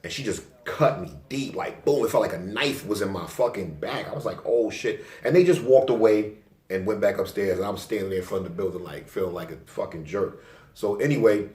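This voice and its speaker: In a roomy recording where he sits distant from the mic, a young man from Staten Island, New York, vlogs a personal story with a fairly low pitch and a slightly fast pace. His talk is loose and profane street language, and he voices his own earlier lines more loudly.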